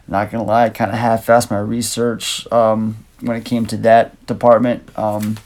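Laid-back man with a gravelly edge, rambling casual movie podcast host. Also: mid-range voice, darkish tone. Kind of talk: casual movie review chat.

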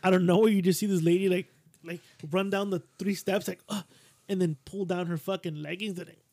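A man's voice: steady tone, a little fast, darkish tone. A man hosting a podcast, rambling through crude stories in casual chat and acting out quoted lines. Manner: rambling storyteller, acts out quotes in a higher voice. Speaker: podcast host.

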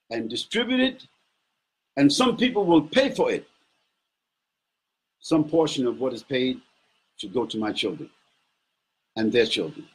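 A man's voice: medium pitch, slightly rough, poor audio. A middle-aged man preaching a lecture sermon, emphatic and rhetorical, sometimes mimicking his critics. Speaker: Islamic preacher.

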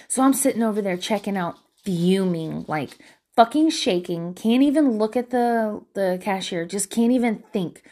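At home and talking straight to camera, a woman in her thirties gives life advice at a normal speed in a mid-range voice. Her casual storytelling is lively and profane, with voices acted out.

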